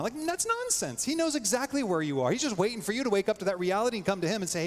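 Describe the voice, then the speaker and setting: Animated man preaching in a reverberant hall. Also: rapid-fire. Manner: animated, voice jumps high when acting out prayers. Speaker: pastor. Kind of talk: sermon.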